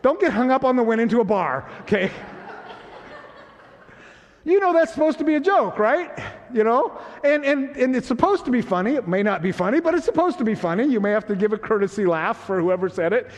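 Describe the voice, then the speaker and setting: A man's voice: extremely high pitch, very animated, a little fast. A man preaching a sermon as pastor, conversational and teasing, often checking in with his congregation. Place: church sanctuary. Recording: long hall reverb.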